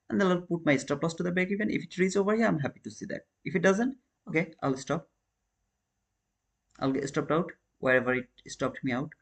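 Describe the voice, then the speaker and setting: Guy live trading stream, kinda high voice, english, earnest, keeps saying man and brother. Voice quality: non-native English, repeats phrases. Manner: earnest, questions viewers, calls them man and brother.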